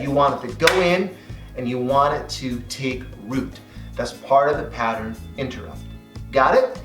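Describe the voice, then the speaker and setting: A man's voice: medium pitch, fairly bright tone, reverberant, recorded from a distance. A man teaching listeners how to talk to police officers, speaking in an emphatic coaching way and acting out lines he quotes. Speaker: hypnotist teaching verbal techniques. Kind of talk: direct-to-camera instruction.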